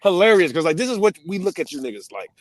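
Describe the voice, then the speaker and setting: A man's voice: high voice, big pitch swings, fast. A man from Los Angeles hosting a casual chat, rambling and profane, with lots of fillers. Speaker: podcast host.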